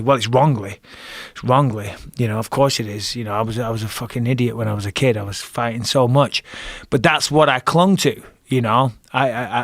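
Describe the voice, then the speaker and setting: A middle-aged Englishman with an English accent, a retired fighter appearing as a guest, casually tells a fight story, swearing and acting out his own lines. His voice is medium-pitched with a fairly bright tone. The recording is dry and studio-clean.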